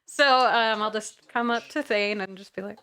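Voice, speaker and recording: A woman's voice: medium pitch, moderate pace, bright, forceful tone, clean tone. A woman chatting and playing her character in a casual tabletop role-playing game, playful and laughing easily.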